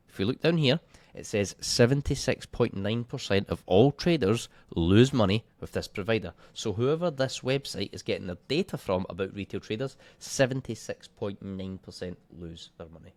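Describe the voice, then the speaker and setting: A man's voice: lowish voice, a little mellow. A man coaching forex trading in a casual screen-share walkthrough, thinking aloud and swearing offhandedly.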